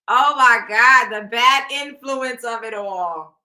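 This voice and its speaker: A young woman hosts a casual live stream, reading viewer comments aloud in a slightly high, sharp voice at a slow pace. She laughs a lot and swears in a playful way.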